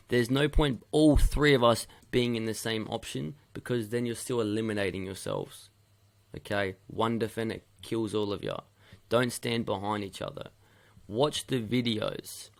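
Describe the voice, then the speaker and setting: Stern gravelly football coach. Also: male voice, on the low side, fairly even intonation, normal speed. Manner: stern, lecturing, hammering points by repetition. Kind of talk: video match feedback to players.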